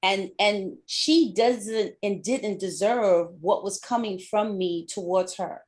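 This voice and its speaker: A woman's voice: medium pitch, slow pace. A middle-aged woman hosting a podcast who tells a personal story candidly, often repeating phrases for emphasis. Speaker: podcast host.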